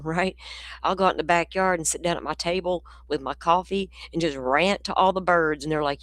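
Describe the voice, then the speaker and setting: A woman's voice: low voice, normal speed, a bit bright, dry recording. Chatty woman ranting on a livestream. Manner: chatty, exasperated, laughs often. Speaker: livestream host commenting on a trial. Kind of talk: casual ranting chat.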